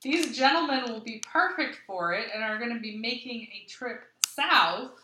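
A woman's voice: fairly high pitch, normal speed, voice pushed up, close to an everyday voice. A woman playing a friendly, persuasive male merchant ally in a tabletop game. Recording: echoey room with loud hiss.

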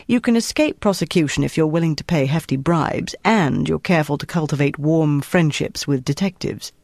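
A wry, blunt older man with a dry sense of humor , voiced by the narrator. His voice is gravelly and recorded close and dry. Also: medium pitch, moderate pace, darkish tone, no room sound.

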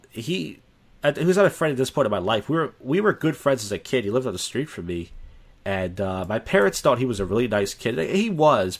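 Low-voiced man rambling through a story. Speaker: podcast co-host, comedian. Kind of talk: casual chat.

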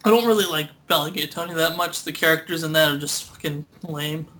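A man's voice: fairly high pitch, fairly quick, bright, forceful tone. A young man co-hosting a casual gaming podcast, rambling and laughing as he talks, swearing often. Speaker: podcast co-host. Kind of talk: casual chat.

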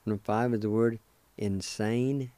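A man leads a radio language lesson in a mellow, somewhat low voice. He speaks very slowly and deliberately, spelling each word letter by letter and repeating it several times. The sound is dry and close, with no room around it. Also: steady tone, no room sound. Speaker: radio language teacher and host.

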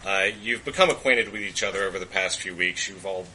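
Bright-voiced man narrating as game master. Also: low voice, brisk, a little hiss or hum, poor audio. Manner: casual, filler-heavy narration with frequent laughs.

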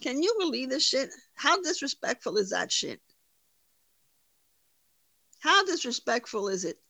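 A woman's voice: high voice, sing-song, measured pace, sharp tone, no echo. A woman hosting a livestream, giving blunt, profane, mocking commentary. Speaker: livestream host. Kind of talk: casual commentary.

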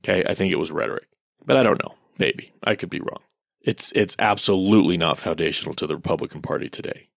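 A man in his thirties with a very low voice and a gravelly, creaky edge. He reads out online posts and tears into them with sarcastic, profane commentary. The sound is dry and close, with no room around it. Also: quick pace, no room sound.

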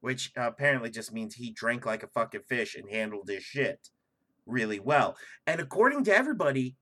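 Podcast co-host, man, husky, bright, swears a lot, very animated delivery. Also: on the high side. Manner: profane, loud and animated storytelling. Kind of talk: casual comedic chat.

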